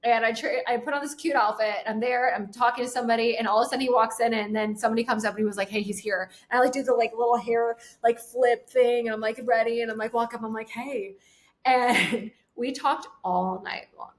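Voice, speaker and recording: A woman's voice: on the high side, brisk. A woman in her twenties, a guest telling a casual story and acting out the quotes in it. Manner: animated, acts out quotes, laughs often. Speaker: guest, sales trainer.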